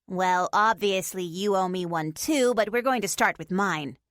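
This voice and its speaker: A woman's voice: medium pitch, measured pace, a bit bright, no room sound, studio quality, natural voice. A woman voicing a cheeky, blunt young female pixie in an audiobook, talking playfully and bluntly. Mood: matter-of-fact. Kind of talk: audiobook character voice.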